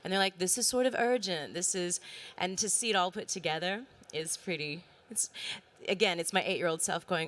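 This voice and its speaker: A woman with a very low voice for a woman speaks on a panel stage. She is animated and excitable and jumps quickly into enthusiasm. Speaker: voice actress panelist. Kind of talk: casual panel chat.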